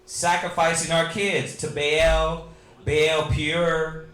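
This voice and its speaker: A man's voice: on the high side, level tone, takes it slowly, fairly bright tone, reverberant. A man teaching scripture in a loose, joking way, with street slang. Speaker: Bible study teacher.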